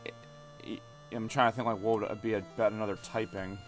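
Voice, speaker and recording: A man streaming a video game, rambling in animated commentary and chatting with his viewers. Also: fairly low pitch, fast, soft background music. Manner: rambling, animated, talks to chat. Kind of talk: live gameplay commentary.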